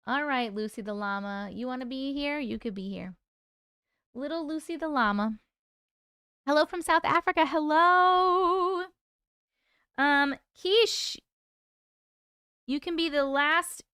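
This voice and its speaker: A woman hosts a casual livestream, reading viewer comments aloud and greeting people by name in a chatty, affectionate way. Her voice sits high and a bit bright, a little slow with long pauses, captured in a dry, studio-quality recording.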